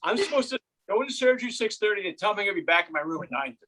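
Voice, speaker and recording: Husky bright-voiced man telling stories. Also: high voice, animated, racing. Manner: storytelling with acted voices and bursts of laughter. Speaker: stand-up comedian. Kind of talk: virtual stand-up set. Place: home.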